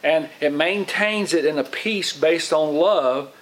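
A middle-aged man preaching an informal Bible lesson in a slightly higher-pitched voice. He rambles, restarts his sentences and repeats words, and he often acts out other people's lines as he goes. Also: slow, rough recording. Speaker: lay preacher, Bible teacher. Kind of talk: informal sermon.

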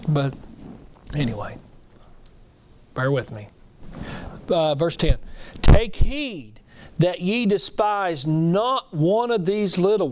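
Middle-aged male preacher, high voice, earnest and emotional, repeats lines, reads scripture. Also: darkish tone, slight background noise. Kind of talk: sermon.

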